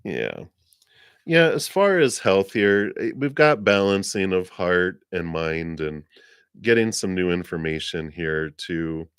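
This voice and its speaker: A man doing a casual live reading on a stream, gentle and rambling, laughing often, his voice a bit lower than usual from the weather. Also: slow pace, smooth, no room sound, studio quality. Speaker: psychic reader on a livestream.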